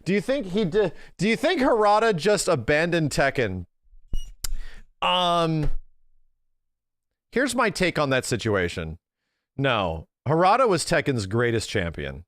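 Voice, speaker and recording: Excitable male streamer, dry close sound. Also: a little high, unhurried, pauses often, no room sound. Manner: excitable, talks to his chat, laughs easily. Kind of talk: casual live-stream chat.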